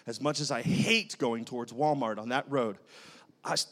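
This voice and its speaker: A male pastor preaching and telling a story in an animated, dramatic way. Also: mid-range voice, normal speed. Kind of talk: sermon with personal storytelling.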